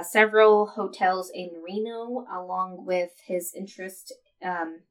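A woman co-hosting a casual podcast, telling a history story in a chatty, loose way. She leans on fillers and laughs often between facts. Her voice sits at a middle pitch. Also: a bit bright, low-quality recording. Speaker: podcast co-host.

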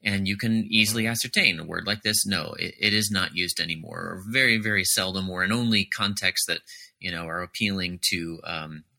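A man with a very bright, forward voice and a fairly low pitch. He answers interview questions earnestly and articulately, laying out his ideas in careful detail. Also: brisk, vocal fry. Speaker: author and academic editor.

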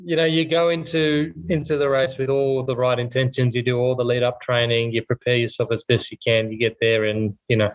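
A man, talking casually as a guest about his racing team, upbeat and chatty with quick restarts. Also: mid-range voice, little pitch movement, poor audio. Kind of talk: casual podcast interview.

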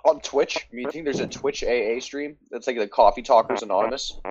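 A man's voice: medium pitch, a little fast, a little mellow, a little hiss or hum. A man streaming and chatting casually, joking and swearing freely. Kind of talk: casual chat. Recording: dull lo-fi mic.

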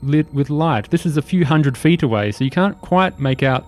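A man running a tabletop game as game master, giving steady, descriptive narration and quick prompts to the players. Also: a little high.

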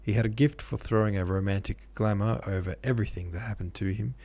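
A man narrating a classic novel in a steady, measured reading. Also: lowish voice. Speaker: podcast host and audiobook narrator.

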